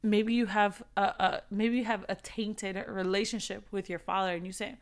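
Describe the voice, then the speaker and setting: A woman's voice: mid-range voice, flat delivery, moderate pace, hardly any pauses. A woman giving a heartfelt devotional talk, earnest and repetitive, building in intensity as she speaks.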